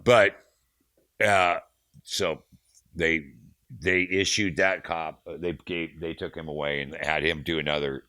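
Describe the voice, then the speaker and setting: Casting: low, bright-toned man in his fifties, salty raconteur, dry close sound. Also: steady tone, a little slow, long pauses, no echo. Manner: profane, heated storyteller, acts out quotes. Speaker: touring manager guest. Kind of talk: casual storytelling interview.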